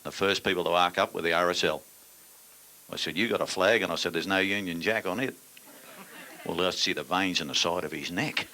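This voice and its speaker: A man's voice: sits low, bright, forceful tone, slight background noise. An older man with an Australian accent, a stand-up comedian telling crude yarns with blunt, dry punchlines to a laughing audience.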